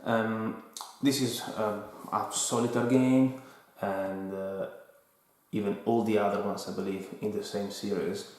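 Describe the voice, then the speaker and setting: A man with an Italian accent calmly reviewing a board game and explaining its rules, in an unhurried, slightly hesitant way. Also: on the low side. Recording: very echoey room.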